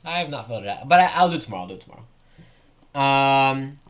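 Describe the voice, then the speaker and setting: Young guy live-streaming, mid-pitched voice, loose and rambling as he thinks aloud. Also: animated, rapid-fire. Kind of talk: casual live-stream chat.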